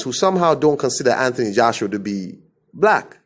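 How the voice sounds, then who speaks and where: A man's voice: medium pitch, very animated, fast talker. Blunt Caribbean man ranting. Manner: blunt, scornful, emphatic. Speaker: commentator. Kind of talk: opinion rant to camera.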